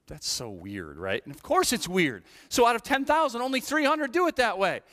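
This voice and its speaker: Animated male preacher in a reverberant hall. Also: very high voice, normal speed. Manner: animated storytelling, repeated "right?". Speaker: associate pastor. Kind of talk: sermon.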